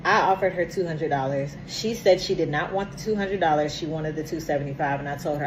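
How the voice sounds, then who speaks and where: Young woman, low-pitched, casual storytime, punchy and repetitive delivery. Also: a little fast, few pauses, background noise. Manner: emphatic, repetitive recounting.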